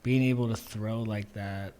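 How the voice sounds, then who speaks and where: A man's voice: fairly low pitch, fairly even intonation, measured pace, mellow, a little hiss or hum. A young man hosting his own podcast, telling a story in a laid-back, rambling way with lots of fillers and restarts. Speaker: podcast host. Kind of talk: casual storytelling monologue.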